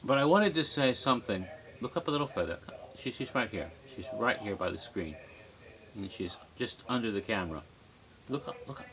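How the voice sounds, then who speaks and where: A man's voice: on the low side, animated, a little fast, crowd noise. A man rambling tipsily to his webcam in a casual monologue, easily sidetracked and giggly. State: tipsy. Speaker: vlogger.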